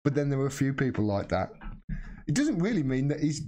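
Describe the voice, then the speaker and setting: A man's voice: mid-range voice, sing-song, a little fast, mellow. A man hosting a live stream, answering viewer questions in blunt, impassioned casual talk and swearing freely.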